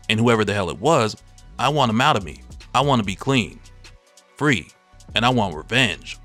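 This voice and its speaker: A man voicing a gruff, brooding mutant soldier. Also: mid-range voice, a bit bright, natural voice. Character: gruff male mutant soldier seeking rebirth.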